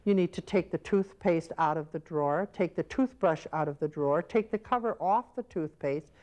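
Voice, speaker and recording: A woman with a somewhat low voice delivers an instructional lesson for caregivers. She explains patiently, step by step, and now and then acts out little example scenes. The sound comes from an old VHS training tape. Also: normal speed, a little mellow. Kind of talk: instructional video lecture.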